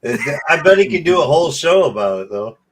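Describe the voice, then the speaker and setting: A man's voice: a little high, big pitch swings, brisk, slight background noise. A man co-hosting a casual chat show, laughing often and joking crudely. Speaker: co-host.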